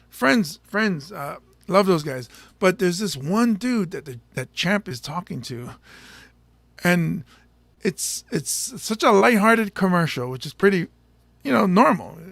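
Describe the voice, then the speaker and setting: Comedian host, male, gravelly, slightly high voice, loose rambling banter, dry close mic. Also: fairly bright tone, no room sound. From Samoa. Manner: rambling, joking, quick to laugh. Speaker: stand-up comedian hosting a show. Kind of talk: casual chat to an audience.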